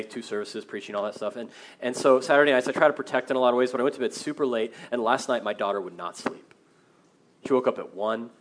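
A man in his thirties, a pastor preaching a sermon, earnest, moving between loud emphasis and quiet, reflective passages. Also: medium pitch.

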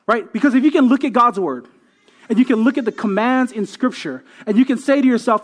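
A man's voice: very high voice, fairly quick. A man preaching a sermon as a pastor, emphatic and repeating words, often checking in with "right?". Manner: emphatic, tags many points with "right?"; repeats words while building a point.

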